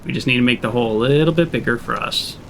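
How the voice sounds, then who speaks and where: A man at middle pitch talking over his game playthrough, thinking aloud. He sounds dry and sarcastic, often grumbling. A faint hiss of noise sits under the voice. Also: quick pace, gravelly, fairly bright tone, low-quality recording. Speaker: gaming channel host. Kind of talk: let's play commentary.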